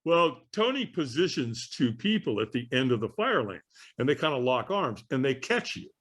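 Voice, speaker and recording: A man telling an animated story as a guest on an interview podcast, acting out the voices of people in it. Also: mid-range voice, moderate pace.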